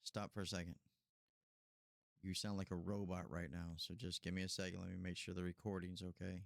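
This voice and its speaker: A man co-hosts a casual podcast with joking, slangy banter. His voice is very deep with a gravelly edge. It sounds dry and close to the mic. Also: flat delivery, a little fast, no echo. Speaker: podcast co-host.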